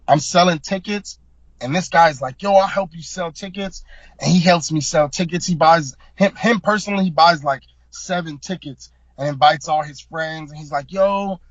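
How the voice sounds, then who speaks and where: A man's voice: on the high side, dry recording. Man, twenties, South Florida, slangy, emphatic storyteller, dull lo-fi sound. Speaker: guest, hip hop artist. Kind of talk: casual storytelling.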